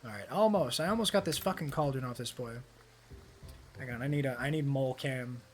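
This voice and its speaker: A man's voice: medium pitch, brisk, faint music behind. A man streaming a game with casual, profane, rambling commentary, easily delighted by small things.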